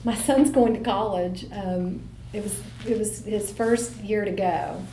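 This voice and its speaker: A middle-aged woman giving a motivational talk to a live audience, telling stories with lively acted-out quotes. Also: medium pitch, a little slow, roomy sound, slight background noise. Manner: animated storyteller, acts out voices in quotes. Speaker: speaker.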